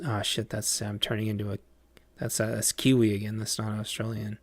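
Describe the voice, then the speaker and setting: A man's voice: fairly low pitch, little pitch movement, brisk, no echo. A man chatting casually on a live stream, distracted, rambling and swearing as he mutters to himself.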